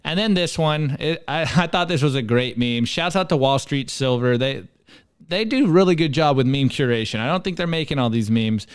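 A man's voice: medium pitch, expressive, normal speed, clear, resonant tone, no echo, clean studio sound. A man co-hosting a podcast, reading memes aloud in a casual, emphatic and mocking way. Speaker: podcast co-host.

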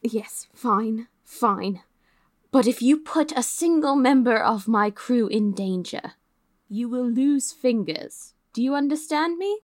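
A woman voicing a blunt, weary female ship captain who makes dry, deadpan threats in a tabletop game. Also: on the high side, slow pace. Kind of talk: in-character tabletop play.

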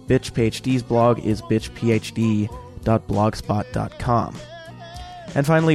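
A man's voice: medium pitch, a little mellow. A man hosting a radio show, reading the closing credits in a wry, irreverent way.

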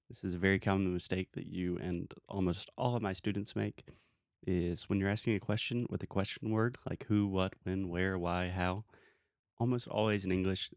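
A man's voice: sits low, clear, resonant tone, no room sound, muffled recording. A man from the United States hosting a casual show, correcting his guest's English with patient explanations and joking asides. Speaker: English teacher and podcast host. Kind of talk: casual teaching chat.

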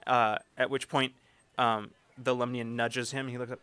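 A man's voice: mid-range voice, flat delivery, normal speed, bright, forceful tone, clean tone, no echo. A man narrating a tabletop game as game master in a casual, rambling way with many fillers. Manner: casual, filler-heavy narration with frequent laughs.

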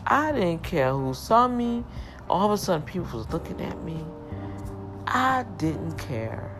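A woman sharing an emotional personal testimony, with impassioned, emphatic, repetitive storytelling. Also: low-pitched.

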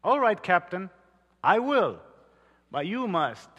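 A man voicing a calm, firm missionary aboard a becalmed ship in a sermon story. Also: high-pitched, slow, muffled recording, voice pushed up, exaggerated voice. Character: calm, steady male missionary. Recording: long hall reverb.

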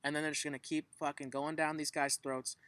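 Man, sports chat co-host, bright tone, dry close mic, swears freely. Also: a little high, level tone, a little fast, no echo, poor audio. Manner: profane, storytelling, emphatic. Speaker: podcast co-host.

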